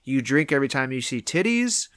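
A podcast co-host in casual movie review chat, retelling scenes in an animated way. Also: medium pitch, a little fast, dry recording, clean studio sound.

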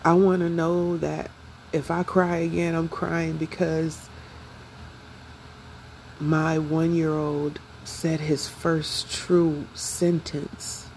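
Young woman, unhurried and emotional, gravelly edge, confessional vlog. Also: low-pitched, little pitch movement, darkish tone, slight background noise, poor audio. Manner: slow, reflective, emotional. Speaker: vlogger.

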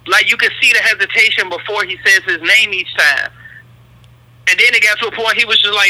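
A man with a high, very bright voice chats on a casual podcast. He explains his view in long, rambling, detailed stretches, circling back to make his point. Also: steady tone, fairly quick, low-quality recording. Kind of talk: casual conversation.

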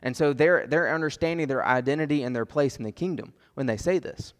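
A man's voice: a little high, a little fast, big-room sound. A man preaching a sermon as pastor, impassioned, repeating phrases for emphasis and acting out prayers.

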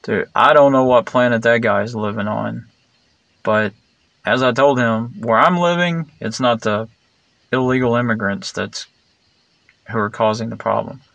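Gravelly rambling man, blunt. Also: medium pitch, steady tone, normal speed, long pauses, fairly bright tone, dry recording, highs cut off. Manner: meandering, digressive, many fillers and restarts; blunt and sarcastic. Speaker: vlogger. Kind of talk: rambling opinion monologue.

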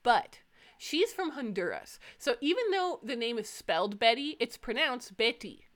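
A young woman hosting a podcast, chatting casually and ranting with animated, frequent laughter. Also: on the high side, normal speed. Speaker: podcast host.

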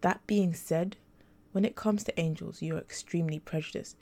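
A woman voicing a blunt, urgent half-human male detective in a read-aloud story, with a low, gravelly voice. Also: fairly even intonation, fairly quick, mellow. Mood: earnest. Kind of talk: audiobook character reading.

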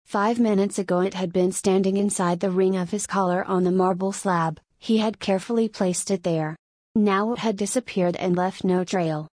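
A woman narrating a story as an audiobook in a measured storytelling way. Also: mid-range voice, fairly even intonation, darkish tone, no echo.

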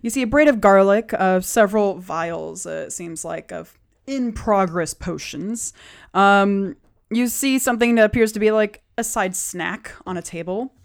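A woman's voice: medium pitch, a little slow, gravelly. A woman running a tabletop game as game master, describing scenes at length with frequent fillers.

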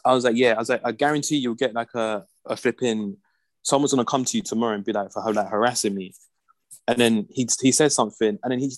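This young podcast regular, speaking at a medium pitch with no echo, launches into a rant story during casual chat. His talk is packed with slang, and he acts out the people he quotes.

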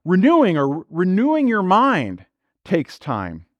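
A man's voice: high voice, wildly swooping pitch, unhurried, no echo, lo-fi sound. A man preaching a sermon as pastor, in a conversational style full of rhetorical questions and acted-out quotes.

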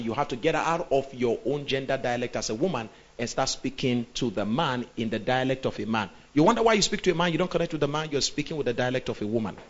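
A male pastor teaching a sermon on relationships, animated, acting out voices and checking in with his listeners. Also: mid-range voice, lo-fi sound. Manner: animated, acts out quoted voices, checks in with the audience.

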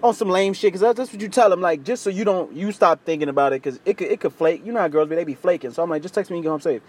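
A man's voice: very fast, breathy edge. A young man telling a crude, slangy story in casual chat, acting out other people's voices with big jumps. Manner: animated, acts out quoted voices with big pitch jumps; crude slangy street talk.

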